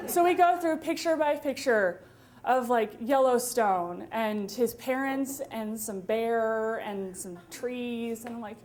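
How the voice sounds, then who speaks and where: A woman in her twenties telling a wry, funny story live on stage at a story slam, with quick asides and laughter. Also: fairly high pitch, a little mellow. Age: 20s.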